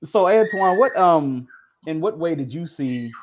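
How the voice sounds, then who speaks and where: A man's voice: on the high side, animated, a little slow. A man hosting a casual interview who laughs often and repeats words for emphasis. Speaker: host. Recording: dull lo-fi audio.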